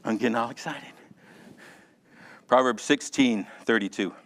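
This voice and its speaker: Animated man teaching a Bible class. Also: medium pitch, a little slow. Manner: animated, addresses class members by name, jokes. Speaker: Sunday school teacher. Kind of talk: conversational Bible lesson.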